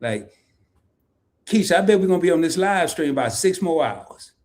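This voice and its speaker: A man with a fairly high voice hosts a loose, chatty live stream. He jokes and teases, and his voice jumps into loud laughing bursts. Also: expressive, normal speed. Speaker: host. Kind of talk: casual live-stream chat.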